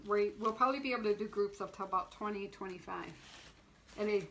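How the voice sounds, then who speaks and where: A woman's voice: mid-range voice, quick pace, fairly bright tone, a little hiss or hum, rough recording. A middle-aged woman and shop owner demonstrating wreath making on a live stream, chatting, laughing and greeting viewers by name as she works.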